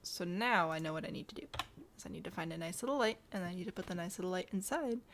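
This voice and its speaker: A woman's voice: on the low side, fast talker, a bit bright, slight background noise. Brief: young woman from the Midwest, game streamer, chatty and self-mocking, talks to herself while she builds, keys typing behind. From American Midwest.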